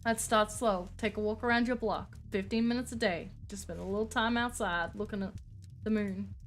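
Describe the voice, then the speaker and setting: A woman's voice: mid-range voice, steady tone, moderate pace, soft background music, natural voice. A woman voicing a patient male cowboy therapist, with a put-on American Western accent and a folksy, reassuring way of talking.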